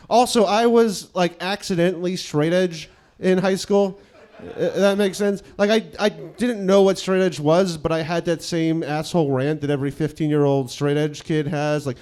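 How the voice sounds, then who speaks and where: A man's voice: a little high, steady tone, normal speed, darkish tone. A man in his thirties from New York City, a comedian telling a profane, self-mocking personal story and acting out the quotes.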